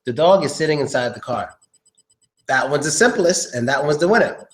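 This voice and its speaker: A man's voice: fairly high pitch, lively intonation, normal speed, a bit bright, echoey room. Casual joking man teaching English. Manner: casual, joking, thinks aloud. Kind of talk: live online English lesson.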